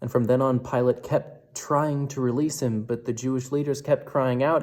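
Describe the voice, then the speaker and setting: A man giving a measured, solemn scripture reading for a worship service. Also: medium pitch, steady tone, a little mellow. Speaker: scripture reader.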